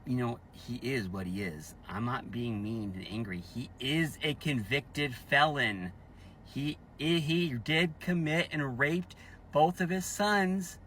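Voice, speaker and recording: A man telling a personal family story slowly and emphatically, repeating himself for effect, with his voice rising in angry bursts on key points. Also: mid-range voice, a bit bright, a little hiss or hum. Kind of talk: emotional personal vlog storytelling.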